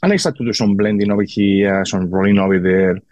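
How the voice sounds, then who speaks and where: A man with a Spanish accent from Spain, a guest on a podcast, talking casually with halting restarts. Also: fairly low pitch, fairly even intonation, a little mellow, lo-fi sound. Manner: halting, repeats words. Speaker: guest, cigar maker.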